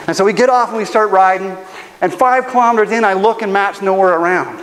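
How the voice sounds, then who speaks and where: A man preaching a sermon, telling a personal story in an animated, humorous way. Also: sits high, fast talker, long reverb tail, poor audio. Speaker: pastor. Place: church auditorium.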